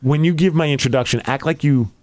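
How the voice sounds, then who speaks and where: Excitable podcast host man. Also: a little high, fast talker. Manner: excited, rambling, heavy use of "like". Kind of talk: casual podcast storytelling.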